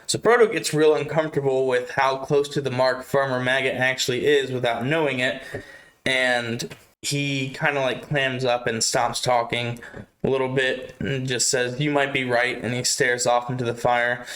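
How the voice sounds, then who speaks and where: A man's voice: mid-range voice, moderate pace, reverberant. Man casually retelling a novel. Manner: relaxed, chatty paraphrasing with asides. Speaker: reader and narrator.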